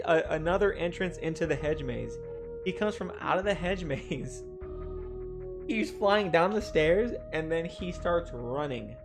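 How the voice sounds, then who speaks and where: A man's voice: medium pitch, vocal fry. Casting note: young male game streamer, easygoing, rambling storyteller who keeps saying "like", with game music underneath. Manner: rambling, with many "like" fillers and chuckles. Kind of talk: casual storytelling while playing a game.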